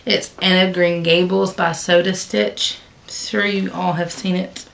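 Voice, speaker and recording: A woman's voice: fairly low pitch, a bit bright, a little hiss or hum. A woman vlogging casually to the camera about her stitching, chatty and rambling, often restarting her sentences. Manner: chatty, rambling, with fillers and self-corrections. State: hiccups.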